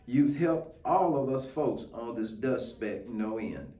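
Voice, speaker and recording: A man's voice: medium pitch, lively intonation, slow pace, warm tone. A man voicing a tiny, cheerful male mayor of a speck-sized town who pipes up eagerly. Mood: grateful. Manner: chirpy, piping and eager. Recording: roomy, distant mic.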